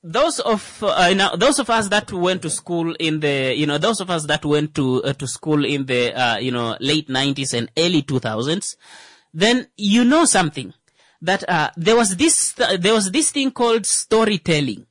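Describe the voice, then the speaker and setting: A man's voice: a little high, lively intonation, normal speed, a bit bright, no echo. A man, a Thimbukushu speaker, talking casually in a rambling, filler-heavy comic monologue. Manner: rambling, many fillers and restarts.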